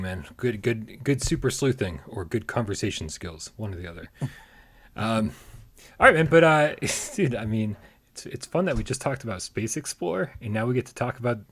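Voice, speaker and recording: A man hosting a casual gaming podcast, joking around and playful in his banter. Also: medium pitch. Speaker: podcast host.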